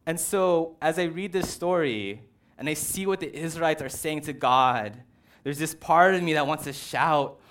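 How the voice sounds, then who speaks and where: A male preacher talks through a sermon in a casual, conversational way, animated and chatty. His voice sits a little high for a man. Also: moderate pace. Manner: casual, animated, uses "like" and "right".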